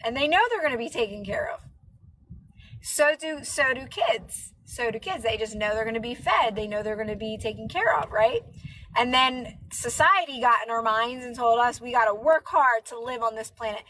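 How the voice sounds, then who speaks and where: Bright high-voiced woman chatting on a live stream. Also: normal speed, slight background noise, rough recording. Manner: chatty, rambling with many fillers. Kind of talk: casual live stream chat.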